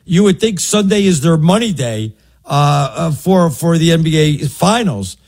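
Male co-host, husky, higher pitch, excitable, stumbles over words. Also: measured pace. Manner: excitable, laughs easily, repeats words. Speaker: radio co-host. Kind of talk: casual sports radio banter. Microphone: studio microphone.

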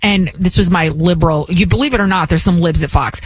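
A woman's voice: on the low side, fairly quick, slightly rough. A woman host giving opinionated political commentary, firing rhetorical questions with frequent restarts.

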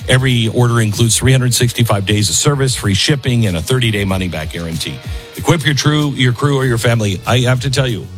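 A middle-aged man with a mid-range voice talks fast while hosting a talk radio show, moving through a monologue and an ad read. His style is conversational and full of fillers, and he keeps breaking off and restarting sentences over soft background music.

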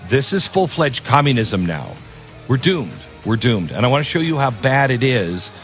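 A man's voice: on the low side, a bit bright. Rambling male talk radio host. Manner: rambling, conversational, self-interrupting. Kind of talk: political talk radio monologue with ad read.

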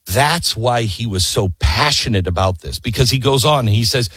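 A man speaks with conviction, his pitch rising and falling freely as he tells a story. His voice has a slightly husky edge. The sound is dry and close, with no room echo. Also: sing-song, normal speed, few pauses, fairly bright tone. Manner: emphatic storytelling, with quoted voices and rhetorical questions. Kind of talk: impassioned history talk.

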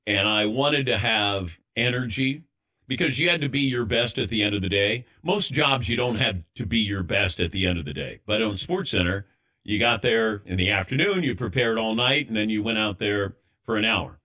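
A middle-aged man hosting a sports radio show in relaxed, conversational banter. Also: on the low side, moderate pace.

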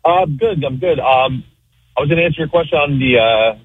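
A man's voice: a little high, brisk, husky, no room sound. A man calling in to a radio talk show, talking earnestly with many fillers. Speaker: radio caller. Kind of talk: casual call-in chat. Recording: tinny phone line with faint noise.

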